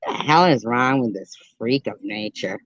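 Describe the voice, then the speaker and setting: A woman's voice: extremely low pitch, expressive, moderate pace, dry recording. A woman hosting a commentary channel, making mocking, scornful remarks as she reacts to a clip. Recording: dry, dull lo-fi sound.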